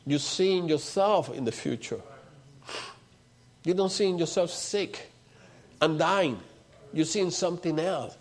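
High-voiced preacher in full sermon. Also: male voice, slow pace, pauses often. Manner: rhetorical questions with call-and-response; swings between loud emphatic and low quiet delivery. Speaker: pastor.

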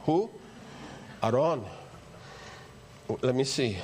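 A man's voice: mid-range voice, expressive, very slow, a little mellow, a little hiss or hum. An older man with a Spanish accent, a native Spanish speaker, preaching a rambling, story-filled sermon that builds to emphatic peaks. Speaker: pastor.

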